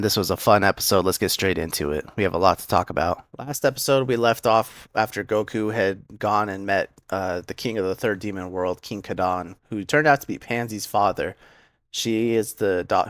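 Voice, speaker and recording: A young man with a low, deep voice talks through an anime episode in a casual recap. He is eager and lively in his retelling, briefly putting on the characters' lines. The sound is dry and close, with no room around it. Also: dry recording. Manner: enthusiastic, retells scenes with quick quoted voices.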